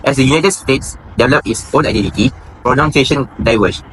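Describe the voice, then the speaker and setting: A man reads a prepared lecture at an even, measured pace. He sounds like a student presenter, and he pauses to cite his sources. Faint outdoor traffic noise sits behind his voice. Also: mid-range voice, rough recording. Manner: reads steadily, citing sources. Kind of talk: scripted academic narration.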